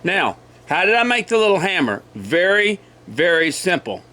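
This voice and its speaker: A man with a cold teaching woodcarving in a folksy, repetitive way, often clearing his throat and apologizing. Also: high voice, sing-song, normal speed, pushed and bright. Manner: folksy, repeats measurements, frequent throat clearing. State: has a cold. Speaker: woodcarving instructor. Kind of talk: casual step-by-step demonstration.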